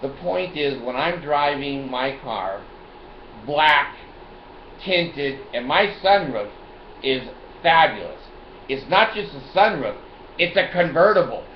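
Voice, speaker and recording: A man's voice: on the high side, animated, takes it slowly, reverberant, muffled recording, a little hiss or hum. An older man hosting his own show, telling a rambling, bawdy, boastful story and laughing often. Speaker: show host.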